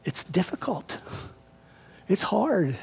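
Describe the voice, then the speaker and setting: A man preaching a sermon as pastor, emphatic and swinging between raised and hushed delivery. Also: high voice, very animated, slow, gravelly, breathy edge.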